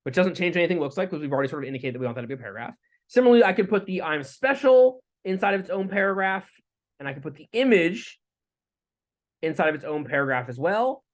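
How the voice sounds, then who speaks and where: A man teaching a lecture with live coding, talking in a relaxed way with fillers and restarts. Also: a little high. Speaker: instructor.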